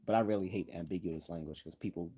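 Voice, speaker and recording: Man, livestream lecture, sardonic jokey asides, low husky voice. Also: warm tone. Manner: sardonic, jokey asides, frequent ums and laughs. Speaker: livestream host explaining logical fallacies. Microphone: desktop computer mic.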